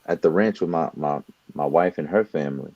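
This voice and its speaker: A man's voice: rumbling low, a little fast, darkish tone, dry recording, highs cut off. A young man co-hosting a podcast, giving an earnest motivational talk and often repeating words as he builds his point. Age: young adult. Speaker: podcast co-host.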